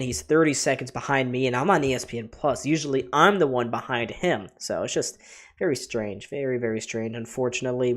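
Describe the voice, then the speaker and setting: A man's voice: mid-range voice, fairly bright tone. A man hosting a live reaction stream, giving chatty play-by-play commentary and talking to his viewers. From Buffalo area, USA. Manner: chatty, talks to his chat as "folks". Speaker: livestream host.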